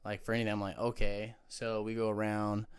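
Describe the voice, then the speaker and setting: A young man with a fairly low voice co-hosts a casual podcast chat. He tells stories with lots of energy, acts out the people he quotes, and swears freely along the way. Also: completely flat delivery, brisk, smooth. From Aloha, Oregon. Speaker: podcast co-host.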